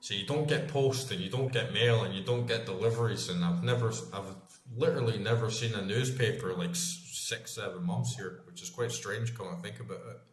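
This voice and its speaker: A man's voice: on the low side, fairly quick, few pauses. Rambling, swearing Scottish man in an echoey room. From Scotland. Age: 30s. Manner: rambling, swears freely, chatty storytelling. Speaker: gaming streamer. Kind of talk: casual chat while gaming.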